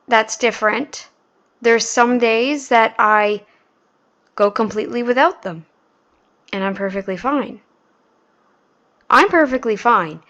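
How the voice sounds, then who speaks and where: A woman's voice: a little high, expressive, measured pace, pauses often, fairly bright tone, highs cut off. A woman hosting a reaction video, talking in a casual, sarcastic and mocking way.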